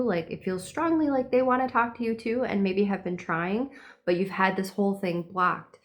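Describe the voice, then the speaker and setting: A young woman giving a casual spiritual reading, meandering and dreamy, with lots of fillers. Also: fairly low pitch. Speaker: tarot and horoscope reader.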